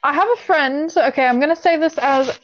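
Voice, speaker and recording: A woman's voice: sits high, a little fast, dull audio, background noise. A woman co-hosting a casual podcast chat, rambling and restarting her sentences and laughing often. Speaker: podcast co-host.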